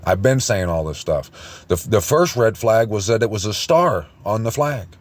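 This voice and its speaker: A man giving informal online religious teaching, rambling and halting with many false starts and restarts as he reads passages aloud. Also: lowish voice, expressive. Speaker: preacher.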